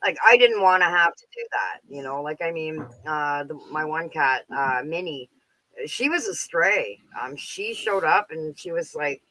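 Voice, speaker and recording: A Canadian man in his fifties calls in for a casual chat, rambling with plenty of filler words. His voice is a little high with a sharp tone, and the audio is poor.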